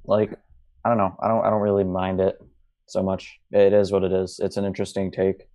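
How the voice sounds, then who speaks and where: A man co-hosting a casual fan podcast, easygoing and unhurried, often hedging his opinions. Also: low-pitched, little pitch movement, mellow. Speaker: podcast co-host.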